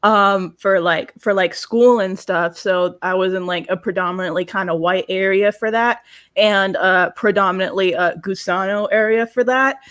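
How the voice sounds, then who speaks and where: A young woman from South Florida in a casual panel discussion, telling lively stories and acting out quoted exchanges. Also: medium pitch, normal speed. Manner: animated storyteller, acts out quoted exchanges.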